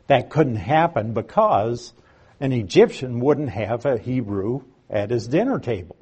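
A man giving a Bible lesson in an unhurried, explanatory way, reading scripture aloud and stressing key words, with a few dry asides. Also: mid-range voice, lively intonation, dark tone, slightly rough. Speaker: Bible teacher. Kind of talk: Bible teaching.

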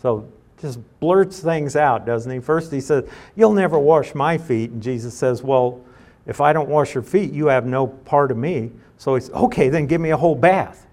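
A man's voice: medium pitch, a little slow, darkish tone. A man teaching a Bible study, reading scripture aloud and then explaining it in a conversational way.

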